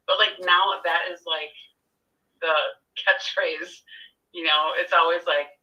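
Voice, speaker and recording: Woman, lowish voice, lively pitch, bright tone, filler words, distant mic. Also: normal speed, lo-fi sound. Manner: filler-heavy, lots of "like". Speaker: spiritual reader. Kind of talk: casual chat.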